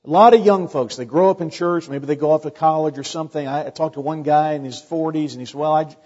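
A man preaches in a relaxed, folksy way, trading scripture talk for little stories. His voice sits a bit high and comes through husky. The recording is dull and lo-fi. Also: fast talker. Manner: folksy, conversational preaching with anecdotes. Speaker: pastor. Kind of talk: sermon.

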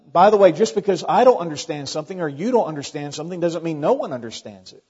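A man preaches in a relaxed, folksy way, trading scripture talk for little stories. His voice sits a bit high and comes through husky. The recording is dull and lo-fi. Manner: folksy, conversational preaching with anecdotes. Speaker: pastor. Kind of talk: sermon.

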